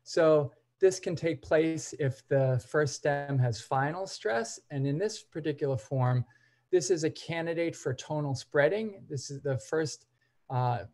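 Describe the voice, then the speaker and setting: A man's voice: a little high, a little mellow. A man presenting at a university seminar, giving an academic lecture and explaining step by step with occasional hesitation fillers. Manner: methodical, explains step by step while walking through examples.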